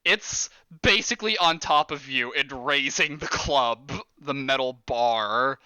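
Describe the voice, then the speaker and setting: Bright-voiced man running the game. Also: mid-range voice, slow pace, clear, resonant tone, no echo. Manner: rule-explaining, laughing often. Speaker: game master. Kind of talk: running a tabletop horror game, casual.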